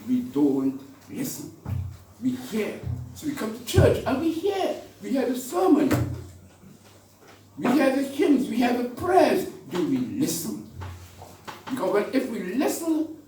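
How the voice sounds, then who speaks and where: A man's voice: very high voice, huge pitch swings, measured pace, long pauses, dark tone, slight background noise. A man, preaching a conversational sermon full of repetitions and rhetorical questions. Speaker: priest. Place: church. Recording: echoey church from far off.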